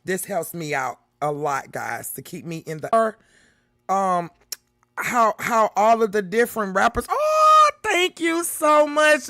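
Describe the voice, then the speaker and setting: A woman's voice: high-pitched, sharp tone, dry recording, studio quality. A middle-aged woman hosting a live reaction stream, chatting casually with viewers and reading the chat aloud, laughing often. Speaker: livestream reaction host.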